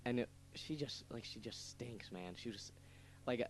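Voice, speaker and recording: A young man on a small radio show, telling stories in a loose, stammering ramble and laughing at his own lines. His voice sits at an ordinary middle pitch. A faint hum runs under the recording. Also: a little slow. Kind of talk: casual radio banter.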